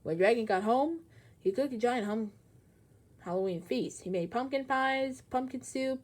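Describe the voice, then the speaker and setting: A woman's voice: on the high side, normal speed. A woman reading a children's storybook aloud expressively, acting out the sound effects.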